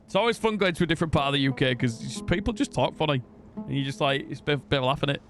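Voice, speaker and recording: A British man chatting loosely with his stream viewers, his voice slightly high for a man. He rambles, jokes at his own expense and swears casually. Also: animated, very fast, music in the background. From United Kingdom. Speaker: game streamer. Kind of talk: casual live-stream chat.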